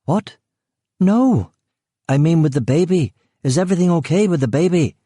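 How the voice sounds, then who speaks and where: A terrified pregnant young woman, voiced by a male narrator in an audiobook. She speaks in halting, panicked phrases, pitched well above his usual voice. The recording is close and dry. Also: expressive, warm tone, breathy edge, dry recording. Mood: frightened.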